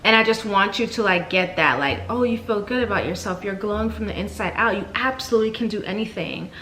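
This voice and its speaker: A woman hosting a podcast, reading soft repeated affirmations and then chatting casually and excitably. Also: medium pitch, a little fast, roomy sound, slight background noise. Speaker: podcast host. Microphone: desk mic with camera.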